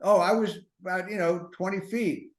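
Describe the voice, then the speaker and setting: Older guy, kinda high voice, neurotic rambly storyteller, echoey room. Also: steady tone. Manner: self-mocking, neurotic, rapid-fire asides. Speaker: podcast host. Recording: roomy echo.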